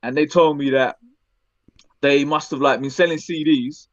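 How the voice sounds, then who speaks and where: A man spins lively anecdotes in a casual podcast chat. His voice sits a little high, and he keeps checking in with his listeners as he talks. The recording is dry and slightly dull. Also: moderate pace, dry recording. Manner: animated anecdote-telling with tag questions. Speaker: podcast co-host.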